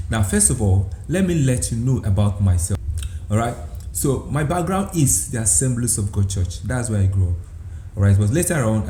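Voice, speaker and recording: A man's voice: fairly low pitch, warm tone. A man who is a church leader, speaking direct to camera in a repetitive way and often saying "all right". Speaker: church leader sharing a dream. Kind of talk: direct-to-camera religious talk. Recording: echoey room with faint background noise.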